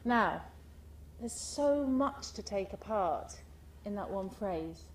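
A woman giving a speech to an audience, animated and full of rhetorical questions, mimicking the people in her stories. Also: mid-range voice, slow pace, distant mic, a little hiss or hum. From United Kingdom. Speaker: speaker giving a talk.

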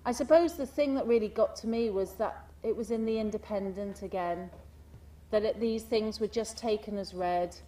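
A woman giving a speech to an audience, animated and full of rhetorical questions, mimicking the people in her stories. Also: mid-range voice, normal speed, far from the mic. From United Kingdom. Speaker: speaker giving a talk.

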